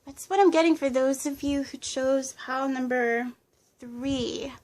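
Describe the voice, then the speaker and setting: Higher-voiced woman doing a casual tarot reading, hesitant, lots of um and you know. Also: fairly even intonation, a little slow, darkish tone. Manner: hesitant, channeling impressions, many fillers. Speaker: tarot reader. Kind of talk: casual pick-a-card reading.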